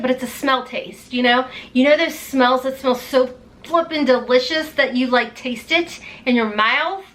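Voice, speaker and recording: A woman, gushing through an unboxing vlog, chatty, excitable and overtired. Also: a little high. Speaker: beauty vlogger.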